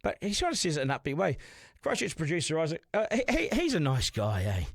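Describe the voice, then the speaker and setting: Fast-talking New Zealand man hosting. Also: fairly high pitch, huge pitch swings, gravelly, no echo, studio quality. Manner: warm, chatty, laughs often, says "eh?". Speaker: podcast host. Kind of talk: casual interview chat.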